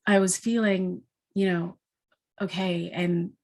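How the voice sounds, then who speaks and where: A woman sharing a personal story, halting and earnest, with frequent restarts and repeated words. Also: lowish voice, steady tone, darkish tone. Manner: earnest and heartfelt.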